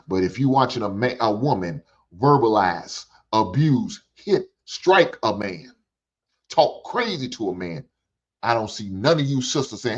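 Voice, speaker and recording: A man's voice: fairly low pitch, animated, a little slow, breathy edge. An older man hosts a reaction show, ranting bluntly with lots of profanity and preaching in repeated phrases. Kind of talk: ranting commentary. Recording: dull lo-fi recording.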